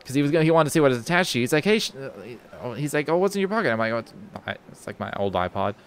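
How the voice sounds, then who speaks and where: A young man streams a video game while telling a rambling, casual story, talking rapid-fire and animatedly in a medium-pitched voice. He keeps restarting, uses lots of filler words, and swears casually. Slight background noise is present.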